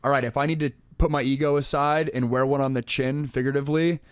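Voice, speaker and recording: A man's voice: medium pitch, fairly even intonation, fast, clear, resonant tone, dry recording, studio quality. A young adult man co-hosting a podcast with his wife, laid-back and joking, talking in long rambling runs. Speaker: podcast co-host. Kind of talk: casual couple chat.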